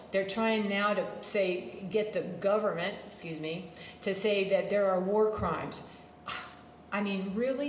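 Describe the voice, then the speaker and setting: A woman's voice: mid-range voice, roomy sound, slight background noise, poor audio. A woman preaching a sermon, emphatic, repeating her phrases and drifting into side stories.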